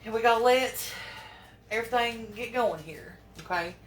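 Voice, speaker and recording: A woman's voice: fairly high pitch, moderate pace, far from the mic, a little hiss or hum. A woman, chatting casually to viewers as she cooks in her home kitchen, fretting aloud as she fumbles. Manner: folksy, talks to viewers while fumbling and fretting. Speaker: home cooking vlogger. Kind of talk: chatty cooking demonstration. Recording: echoey kitchen from off-mic with clattering pans.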